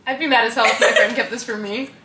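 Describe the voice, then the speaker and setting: Wry high-voiced young woman podcaster. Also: fairly even intonation, fast talker. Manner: wry, sarcastic asides. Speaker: podcast co-host. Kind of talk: casual book-club chat. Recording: echoey room, mic at a distance, faint noise.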